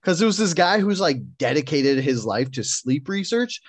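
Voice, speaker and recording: A man's voice: fairly high pitch, lively intonation, normal speed, dry recording. A man co-hosting a podcast, chatting casually with loose, profane, joking talk. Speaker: podcast co-host. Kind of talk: casual chat.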